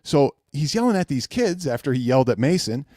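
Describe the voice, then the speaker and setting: A man's voice: medium pitch, brisk, no room sound, clean studio sound. A man hosting a casual talk show, telling stories animatedly and acting out quotes. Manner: animated storyteller, acts out quotes. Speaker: podcast host. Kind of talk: casual chat.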